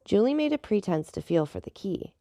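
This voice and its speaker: A woman narrating a classic novel in a measured storybook reading, giving the dialogue light voices. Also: medium pitch, big pitch swings, mellow, dry recording, clean studio sound. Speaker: audiobook narrator.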